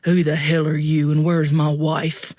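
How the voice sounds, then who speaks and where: A woman's voice: low-pitched, little pitch movement, measured pace, darkish tone, no room sound, clean studio sound. A woman voicing a menacing, domineering estranged middle-aged father in an audiobook, speaking in a deceptively reasonable tone. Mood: hostile.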